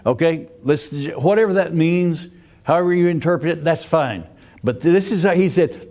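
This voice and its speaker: A man's voice: a little high, normal speed, dark tone. An older man leads a Sunday school Bible class. He talks in a folksy, easygoing way, keeps asking the class questions, and often restarts his sentences.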